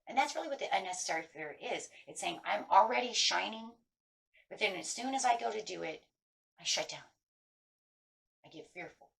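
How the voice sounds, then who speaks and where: A woman's voice: on the low side, animated, a little fast, vocal fry, long pauses. A middle-aged woman giving a chatty, casual tarot reading, breaking into anxious inner voices. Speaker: tarot reader.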